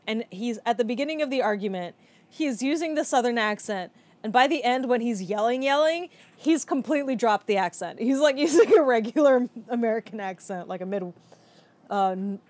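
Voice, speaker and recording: A woman's voice: fairly high pitch, expressive, fairly quick, a little mellow, dry recording. A woman co-hosting a casual podcast chat, speaking frankly and swearing freely. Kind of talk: casual chat reviewing a film.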